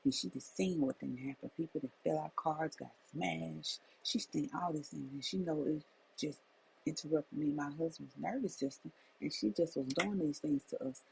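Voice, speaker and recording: A woman's voice: low-pitched, moderate pace, creaky, darkish tone, a little hiss or hum, low-quality recording. A middle-aged woman, a life coach, telling a personal testimony as a faith message in an emphatic, repetitive storytelling manner.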